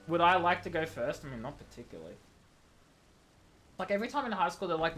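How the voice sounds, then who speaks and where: A man chatting casually while he streams a game, rambling and poking fun at himself. His pitch jumps around lively and often. Soft game music plays underneath. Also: moderate pace, long pauses. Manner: rambling, self-mocking, lots of "like". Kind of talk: casual gameplay chat.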